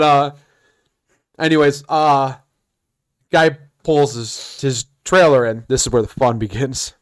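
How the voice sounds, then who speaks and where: Smooth and mid-range, the man's voice carries an animated, profane work story on his casual podcast, punctuated by frequent laughter.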